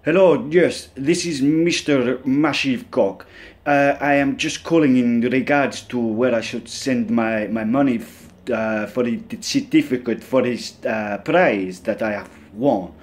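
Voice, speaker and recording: A man putting on a Russian accent that drifts toward Latin, playing a fake prize winner leaving a slow, overly formal voicemail over a phone call. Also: mid-range voice, lightly acted. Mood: mock-polite. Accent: put-on Russian accent drifting toward Latin. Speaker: scam baiter leaving a voicemail. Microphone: phone call placed over an internet phone app.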